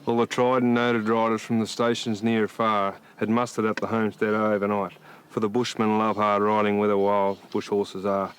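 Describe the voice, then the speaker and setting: A local man reciting a bush ballad in a plain, steady way. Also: on the low side, moderate pace, slight background noise. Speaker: local horseman.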